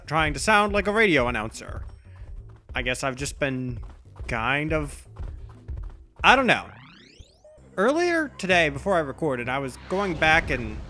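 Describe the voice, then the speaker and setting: A man's voice: on the high side, sing-song, moderate pace, bright, forceful tone. A young man giving casual, rambling let's play commentary, often correcting himself as he thinks aloud. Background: game music.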